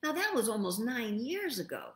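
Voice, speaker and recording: A middle-aged woman hosting a live stream as a spirit messenger, giving word readings in a slow, soothing, meditative way and thinking aloud. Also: fairly high pitch, wildly swooping pitch. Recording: roomy echo.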